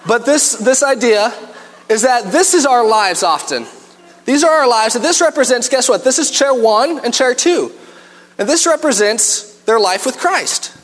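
A man's voice: extremely high pitch, unhurried, big-room sound. A man preaching a sermon in a church, telling stories and acting out scenes with animation. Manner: animated storytelling, acts out scenes. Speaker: pastor.

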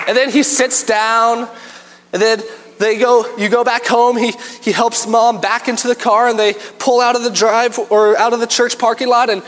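Brief: man, preacher, animated storyteller, higher voice, church reverb. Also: normal speed. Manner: animated storytelling, acts out scenes. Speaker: pastor. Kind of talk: sermon.

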